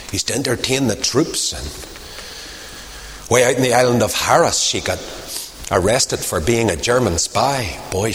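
A man preaching a sermon, swinging from loud emphasis to hushed whispers. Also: medium pitch, a little hiss or hum.

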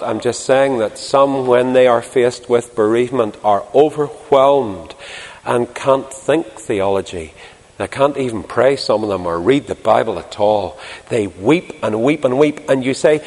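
Expressive male preacher in a reverberant hall. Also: mid-range voice. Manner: expressive, swings from loud emphasis to hushed tenderness. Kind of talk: sermon.

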